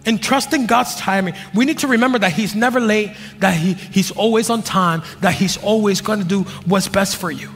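A man in his thirties, a pastor, preaching a sermon with jokes, dropping to low asides and rising to shouted peaks. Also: moderate pace, soft background music. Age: 30s. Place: church hall. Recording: long reverb of a large hall.

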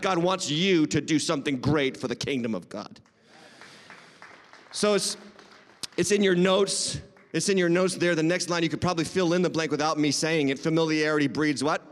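A man's voice: fairly high pitch, big-room sound. A man from New England, a pastor, preaching a sermon in a church with an emphatic, conversational style and humorous asides to the congregation. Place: church sanctuary.

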